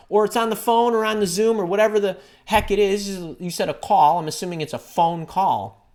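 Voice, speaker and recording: A woman recruiter runs a live Q&A for job seekers, talking in an energetic, chatty way. She greets viewers by name and gives advice through stories. Her voice sits in a middle range. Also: medium pitch. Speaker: recruiter and career coach.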